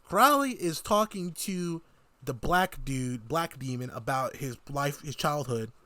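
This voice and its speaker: A podcast co-host with a slightly high voice speaks at a measured pace in a dry recording. In a casual chat reviewing a TV season, he animatedly retells it from his notes, reading them out in quotes and laughing often.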